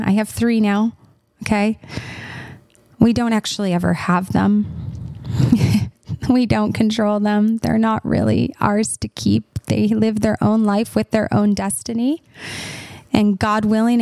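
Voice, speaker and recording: Woman podcast host and coach, gravelly edge, dry close sound, tender and reassuring delivery. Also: medium pitch, mellow, no room sound. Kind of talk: heartfelt podcast monologue.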